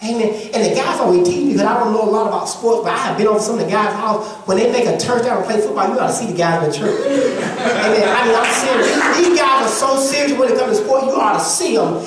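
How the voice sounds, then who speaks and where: A woman's voice: a little high, fast. A woman preaching a sermon to a congregation, emphatic and repetitive, in a call-and-response style. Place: church sanctuary with congregation. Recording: echoey church hall from far off.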